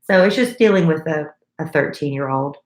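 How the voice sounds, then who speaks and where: A woman's voice: low-pitched, expressive, normal speed, echoey room. A woman in her forties co-hosting a casual podcast, stuffed up from a cold and venting frankly about her teenager. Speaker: podcast co-host. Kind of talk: casual chat.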